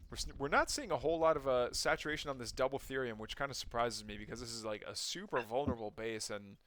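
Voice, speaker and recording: A man giving relaxed color commentary on a strategy game match, often hesitating and hedging his opinions. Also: mid-range voice, quick pace, a little hiss or hum. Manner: relaxed, hesitant, many ums and likes. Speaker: co-caster.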